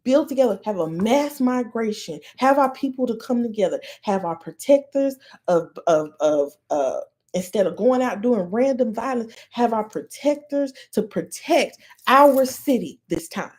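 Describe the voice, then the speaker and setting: A woman's voice: a little high, animated, moderate pace, few pauses, a little mellow. An American woman hosting a podcast, delivering a heated, profane solo rant with blunt emphasis. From United States. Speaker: podcast host.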